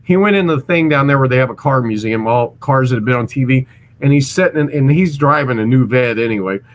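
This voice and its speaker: A man's voice: mid-range voice, fast. A man in his forties from Missouri, telling casual stories as a guest, rambling with restarts and stammers. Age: 40s. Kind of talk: casual storytelling.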